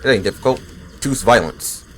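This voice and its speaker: A gaming streamer in his twenties, with a medium-pitched voice and lively intonation, gives casual, profane commentary at normal speed while streaming a game. He chats loosely with viewers while fighting the hiccups. The recording has a little hiss or hum.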